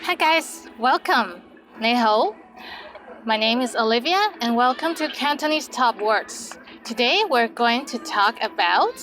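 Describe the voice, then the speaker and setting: A woman hosting a casual vocabulary lesson, upbeat and animated, repeating words slowly for learners. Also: on the high side, a little hiss or hum, low-quality recording. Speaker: language teacher.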